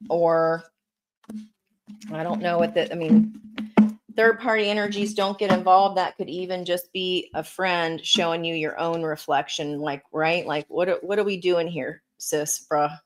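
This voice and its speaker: A woman's voice: lowish voice, poor audio. A woman giving a casual tarot reading, chatty and encouraging, talking straight to her viewers. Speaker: tarot reader.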